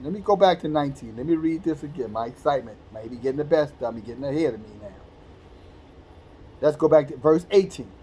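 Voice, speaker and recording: A man's voice: a little high, animated, fast, a little mellow, slight background noise. A man preaching an informal sermon, reading scripture aloud and breaking into blunt, profane street-talk commentary that acts out the quoted voices. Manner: acts out quoted speech in a conversational voice.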